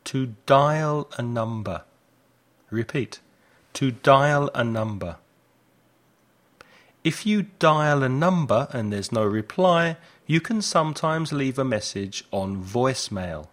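An English teacher, a man, runs a repeat-after-me lesson, carefully sounding out every phrase. He speaks slowly, letting his pitch swing widely so the class hears how each line should go, modelling the phrases clearly and deliberately with lively intonation.

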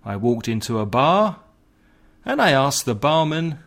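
A middle-aged man hosting a lesson podcast. He talks slowly and clearly, spelling words out one letter at a time. His voice stays in a middle pitch and moves up and down a lot as he acts out everyday phrases. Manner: slow, deliberate, spells words out, animated example lines. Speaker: English teacher, podcast host. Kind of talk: scripted language lesson.

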